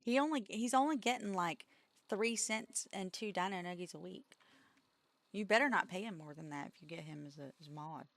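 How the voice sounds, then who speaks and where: A woman's voice: on the low side, brisk, no room sound. A woman co-hosting a game stream from home, telling a rambling story in casual chat and breaking into giggles. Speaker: streamer co-host.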